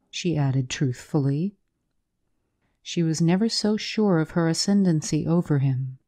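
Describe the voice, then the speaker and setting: A woman narrating a literary story in a measured audiobook reading. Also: low-pitched, dark tone.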